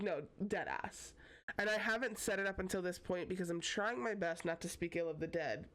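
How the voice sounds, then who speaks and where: A young woman giving casual reaction commentary as host, emphatic and blunt, swearing casually. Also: lowish voice.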